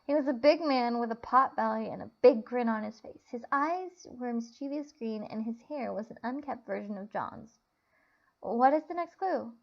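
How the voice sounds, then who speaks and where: A woman narrates a novel in a plain, unhurried reading with the odd slip. Her voice sits fairly high. The recording is dull and lo-fi. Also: vocal fry.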